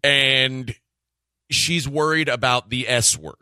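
A man hosting a sports radio show, telling a story in casual chat, animated and acting out the quotes with frequent laughs. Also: mid-range voice, slow pace, clear, resonant tone, no echo, studio quality. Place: radio studio.

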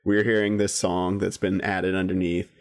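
A man's voice: deep voice, little pitch movement, normal speed, clear, resonant tone. A man co-hosting a casual film discussion, explaining things in an easygoing way with many fillers. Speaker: podcast co-host.

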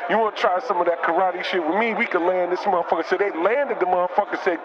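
A blustering, profane ballplayer locked up in jail, rambling and cursing in a prank phone call comedy bit. The voice sits very high for a man, and it comes through a muffled phone line buried in heavy noise. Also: quick pace. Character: brash foul-mouthed jailed basketball star, man.

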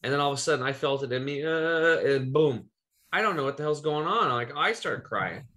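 A man's voice: on the high side, lively intonation, fairly quick, sharp tone. A man from Eastern Oregon hosting a podcast, telling a personal story in loose, rambling casual chat with some swearing. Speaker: podcast host.

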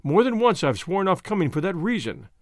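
A man's voice: high-pitched, sing-song, fairly quick, no echo, clean studio sound, pitched above the performer's own voice. A man reading an audiobook, voicing a guarded man who answers questions plainly and defensively. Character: guarded, broad-shouldered male friend under questioning.

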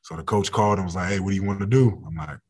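Young male football player guest, husky low voice, easygoing and quick to laugh. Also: darkish tone. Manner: laid-back, laughs often, emotional recalling. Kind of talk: casual interview talk.

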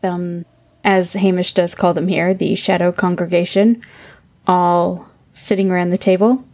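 Woman with a gravelly voice, relaxed, walking through a tv episode recap. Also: fairly low pitch, unhurried. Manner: relaxed, affectionate, leads the recap. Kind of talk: casual chat recapping a TV episode.

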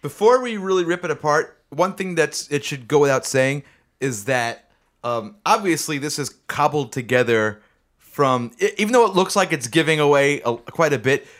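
A man hosting a casual chat, loose and relaxed, often restarting his sentences and swearing offhand. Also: on the high side, normal speed. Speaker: podcast host.

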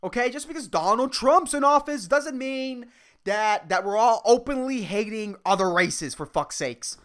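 A man's voice: very high-pitched, lively intonation, moderate pace, fairly bright tone. A young adult man hosting a casual solo podcast, ranting with lots of swearing and laughing at himself. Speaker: podcast host and comedian.

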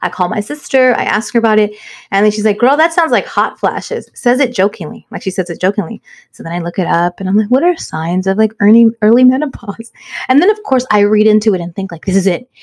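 A woman's voice: mid-range voice, fast, darkish tone. A middle-aged woman co-hosting a casual chat among friends, telling stories animatedly and slipping in Spanish phrases. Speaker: podcast co-host.

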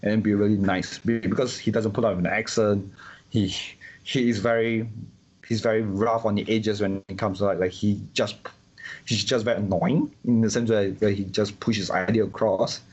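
A man's voice: lowish voice, steady tone, normal speed, darkish tone, husky. A man from Singapore giving his views in casual talk, stumbling and repeating words often. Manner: repeats words often, many restarts and fillers. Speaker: interviewee. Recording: dull lo-fi sound.

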